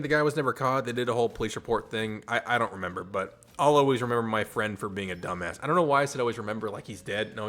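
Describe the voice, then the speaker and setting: A man's voice: on the low side, a bit bright. Young male vlogger, rambling storytime delivery, casual and profane. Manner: rambling and chatty, swears, laughs at his own story.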